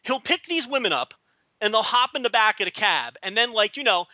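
A man's voice: high voice, sing-song, brisk, bright, forceful tone, no echo. A man co-hosting a podcast in casual chat, rambling with lots of stammered restarts. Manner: rambling, stammering restarts, mock British voices in quotes. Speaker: podcast co-host.

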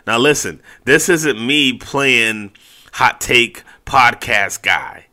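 A man's voice: medium pitch, expressive, slow pace, sharp tone. A man hosting a solo sports podcast, talking casually and animatedly with lots of fillers. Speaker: podcast host.

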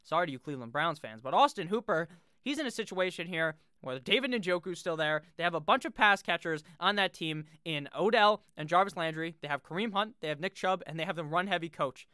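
Brash, high-voiced profane sports talker. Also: male voice, expressive, a little fast, bright, forceful tone, clear, resonant tone, no room sound, clean studio sound. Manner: brash, joking, swears freely. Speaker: fantasy football video host. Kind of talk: casual profane fantasy football rankings.

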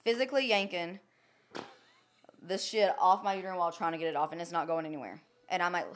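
A young woman tells a personal story in a casual, unfiltered way. Her voice sits somewhat low for a woman. She is blunt and profane and keeps checking in with her listener. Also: fairly quick.

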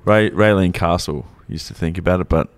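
A man's voice: low voice, fairly quick, dry recording. An Australian man co-hosting a podcast in casual, blunt, joking banter with plenty of swearing. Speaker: podcast co-host.

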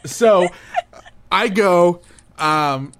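A young man co-hosting a casual chat show, telling a story in an animated, laughing way with playful overacting. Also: sits high, drawn-out words, a little hiss or hum. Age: young adult. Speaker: podcast co-host.

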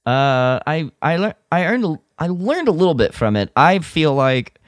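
A man's voice: on the high side, big pitch swings, moderate pace, dry recording. A man co-hosting a podcast in casual chat, hesitant and full of fillers. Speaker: podcast co-host.

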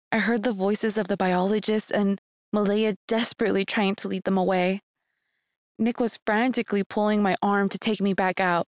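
A young woman telling a dramatic first-person story with an expressive delivery. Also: mid-range voice, clear, resonant tone, dry recording. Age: young adult.

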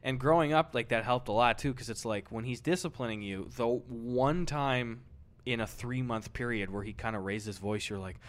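A man's voice: medium pitch, moderate pace. A young man co-hosting a podcast, telling easygoing stories with a chuckle in his voice. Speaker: podcast co-host. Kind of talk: casual chat.

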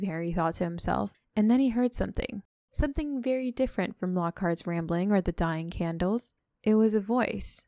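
A woman retells a book on a casual podcast. She mixes read-out passages with quick asides to her co-hosts. Her voice sits mid-range and close to the mic in a dry, deadened space. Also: medium pitch, gravelly, a little mellow, no echo. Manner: summarizes and reads aloud, breaks off to chat and laugh.

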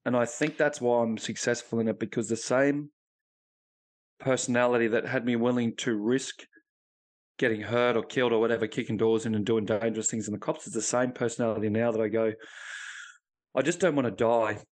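A man speaking as a podcast guest, telling a personal story in a frank, unpolished way. His pitch sits in the middle range for a man. He swears freely and slips into the voices of people he quotes as he recounts conversations. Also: steady tone, brisk. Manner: blunt and profane, acting out remembered dialogue.

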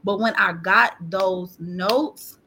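A woman with a voice of middling pitch gives a heartfelt faith testimony over a video call. Her talk is colloquial and animated, and she laughs through tears as she speaks. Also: takes it slowly, slightly rough. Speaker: podcast guest sharing a testimony.

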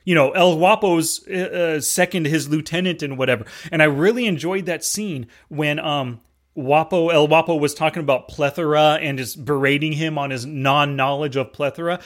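A man's voice: a little high, normal speed. A man co-hosting a casual movie discussion, easygoing and agreeable. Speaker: podcast co-host.

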